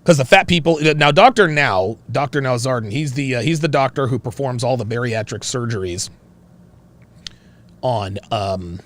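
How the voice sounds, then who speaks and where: A man hosting a livestream, reading chat and joking in an animated, laugh-filled style. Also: medium pitch, moderate pace. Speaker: host. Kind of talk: casual livestream commentary.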